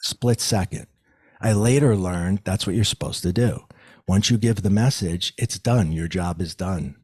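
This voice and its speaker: A man's voice: a little slow, husky, no echo. A middle-aged man, a psychic medium guest, telling his story in an interview and acting out the people he quotes. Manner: acts out quoted people with raised pitch, lively.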